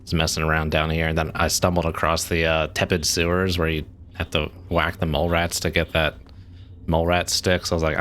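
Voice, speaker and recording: A man's voice: a bass voice, flat delivery, a little fast, fairly bright tone, slight background noise. A man streaming a game, giving casual, rambling commentary as he plays and thinks aloud.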